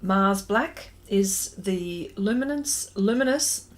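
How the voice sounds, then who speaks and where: A woman's voice: mid-range voice, expressive, a little hiss or hum. An Australian woman hosting a drawing livestream, chatting casually, reading viewer comments aloud and laughing often. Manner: slow, unhurried and thinking aloud while drawing.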